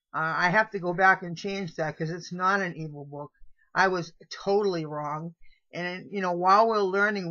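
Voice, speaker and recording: A woman's voice: lowish voice, bright, forceful tone. A middle-aged woman talking straight to camera in a rambling, confessional monologue, with frequent restarts. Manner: rambling, meandering, with trailing restarts. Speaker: vlogger. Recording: dull lo-fi home video audio.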